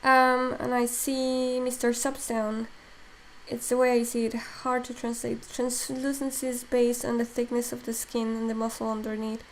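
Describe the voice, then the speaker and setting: A woman's voice: fairly high pitch, little pitch movement, normal speed, a little hiss or hum. A woman running a live sculpting tutorial stream, thinking aloud with many fillers and reading out chat comments, her voice strained and tiring. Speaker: digital sculpting instructor.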